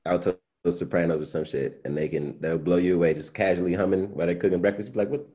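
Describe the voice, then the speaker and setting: A man's voice: low-pitched, fairly even intonation, quick pace, warm tone. A man in his forties in casual chat, teasing and laughing a lot with profane slang. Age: 40s.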